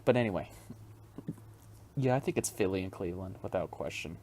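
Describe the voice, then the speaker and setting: A man's voice: low voice, expressive, a little fast, a little mellow, slight background noise. A young man hosting a casual solo podcast, rambling and swearing freely with frequent chuckles. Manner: profane, rambling, chuckles often. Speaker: podcast host.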